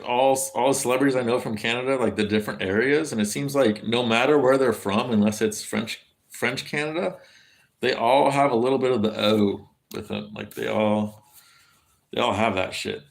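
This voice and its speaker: Speaking in a mid-range voice with vocal fry, a Californian man rambles through a casual livestream. He swears a lot and leans on plenty of fillers while responding to chat.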